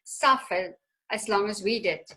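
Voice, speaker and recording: A woman's voice: medium pitch, a little slow, sharp tone, a little hiss or hum, poor audio. A woman hosting a video call interview who speaks in an earnest, encouraging way. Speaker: host.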